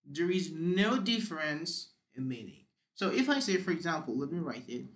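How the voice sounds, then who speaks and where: A man's voice: fairly high pitch, very animated, normal speed, fairly bright tone. A man teaching English grammar, explaining step by step with examples and the odd "uh".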